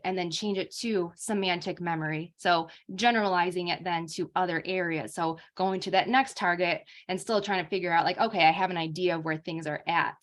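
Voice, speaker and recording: A young adult woman giving an informal lecture as a speech therapist, talking casually with many fillers. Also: lowish voice.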